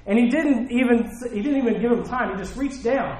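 High-voiced man preaching casually. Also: a little fast, poor audio. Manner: conversational, acts out little voices. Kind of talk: casual sermon.

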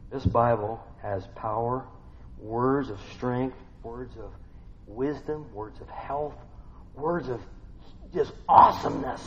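There's a little background noise as a preacher with a medium-pitched, slightly mellow voice delivers an informal sermon. In a conversational manner he asks listeners questions and hums and affirms between points. A long hall reverb marks the dull lo-fi recording.

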